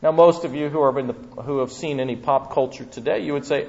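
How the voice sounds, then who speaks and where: A man preaching a sermon as pastor, telling the story with animated humor. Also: a little high, brisk, creaky, few pauses. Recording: dull lo-fi recording.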